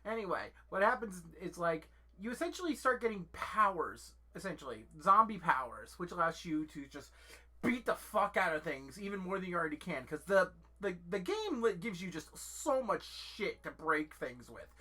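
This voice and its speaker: A woman with a bright, forceful voice, pitched a little low for a woman, rambling loosely in casual channel chat. She swears freely, trails off and restarts her sentences, and piles on filler likes as she goes. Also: big pitch swings, normal speed. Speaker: channel host. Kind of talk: casual rambling game talk.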